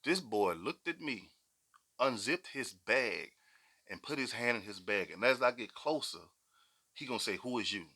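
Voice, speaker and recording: A man's voice: medium pitch, expressive, unhurried, pushed and bright. A middle-aged man, telling stories on a podcast in a slangy, emphatic way and repeating points for weight. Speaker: podcast co-host. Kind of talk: casual podcast storytelling.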